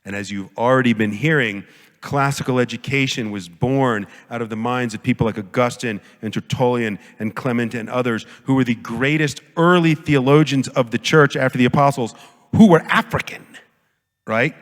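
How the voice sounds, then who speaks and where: Guy lecturing at a conference, mid pitch, animated and jokey, big hall echo. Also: normal speed. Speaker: professor lecturing. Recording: long hall reverb.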